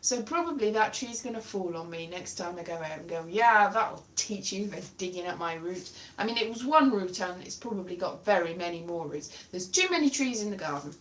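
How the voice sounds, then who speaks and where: A woman hosting a livestream, chatting casually and rambling through anecdotes in a lively, storytelling way. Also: lowish voice, brisk, hardly any pauses. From Wales. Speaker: livestream host. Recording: echoey room, distant from mic.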